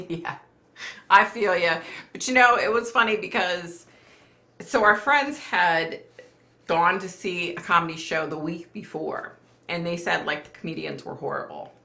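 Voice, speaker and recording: A woman's voice: lowish voice, a little slow, gravelly, pushed and bright. A middle-aged woman hosting a casual livestream, chatty and laughing often as she reads viewer comments aloud. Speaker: livestream host. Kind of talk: casual live chat. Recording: echoey room.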